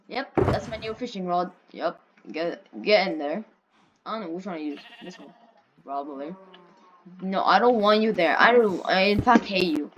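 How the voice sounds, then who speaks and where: A woman's voice: mid-range voice, lively intonation, moderate pace, dull audio, background noise. A woman casually commenting on her gameplay, playfully talking to the characters on screen and pleading with them in mock panic. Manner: playful, talks to game characters, yelps and mock pleas. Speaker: gaming video creator.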